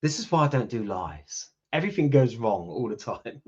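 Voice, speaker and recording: This YouTube host, a man in his fifties with a British accent from the UK, casually chats with his livestream audience and responds to comments. His mid-range voice is sing-song, a little mellow and husky, at normal speed, over lo-fi livestream audio.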